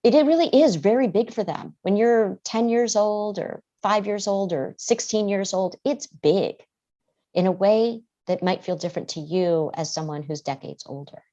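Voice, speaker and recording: A woman's voice: medium pitch, moderate pace, dark tone, dull audio. A woman guest therapist giving earnest podcast interview answers, often acting out how parents and children talk.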